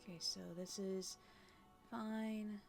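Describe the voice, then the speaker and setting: A woman's voice: medium pitch, level tone, slow, faint music behind. Chatty woman murmuring over gameplay. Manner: chatty, drifting into murmured and whispered asides. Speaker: let's play creator. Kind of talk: casual gameplay commentary.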